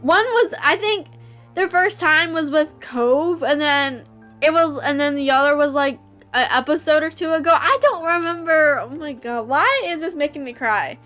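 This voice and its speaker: A young woman host reads a visual novel aloud and reacts with gushing, emotional commentary. Her voice is high and bright, and soft music plays faintly beneath. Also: normal speed. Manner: emotional, gushing, laughs and near tears.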